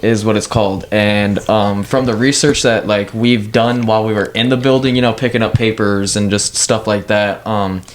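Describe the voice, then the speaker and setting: A man explaining in casual chat, halting and full of "you know what I mean". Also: fairly low pitch, fairly even intonation, slight background noise. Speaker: guest urban explorer.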